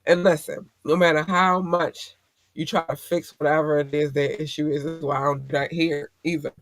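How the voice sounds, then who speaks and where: Blunt, profane man, slightly high voice. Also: little pitch movement, moderate pace, a bit bright, no room sound. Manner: blunt, profane, preachy advice-giving. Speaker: podcast host. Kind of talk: casual podcast monologue.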